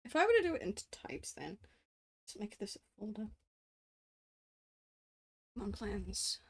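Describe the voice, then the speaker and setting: A woman's voice: medium pitch, big pitch swings, a little slow, breathy edge. An Australian woman in her late twenties, streaming casual chat while drawing, rambling with many fillers, casual swearing and frequent laughs. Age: late 20s.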